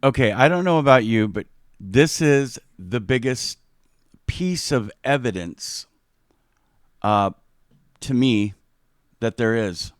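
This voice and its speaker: A man's voice: mid-range voice, animated, slow, pauses often, no room sound, clean studio sound. A man giving heated commentary on a video, emphatic and agitated, repeating his points.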